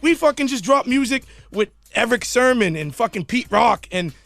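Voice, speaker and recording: A man in his forties with a Boston accent and a fairly high voice talks as a guest in an interview. He is worn out from little sleep, swears constantly, and keeps stopping and restarting his sentences. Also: lively intonation, normal speed, gravelly, fairly bright tone, dry recording. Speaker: guest rapper. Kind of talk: casual interview chat.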